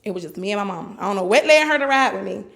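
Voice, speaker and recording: A woman's voice: mid-range voice, very fast, gravelly. A young woman, a mother, telling a long personal story in casual, colloquial speech on a podcast and acting out the other people in it. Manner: animated, acts out others' voices in quotes; colloquial, loose grammar.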